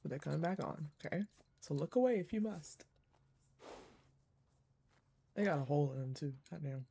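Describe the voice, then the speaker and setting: Young woman, game streamer, casual chat with viewers, frequent laughter, swearing, very lively pitch. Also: quick pace, gravelly, a little hiss or hum. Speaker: gaming streamer.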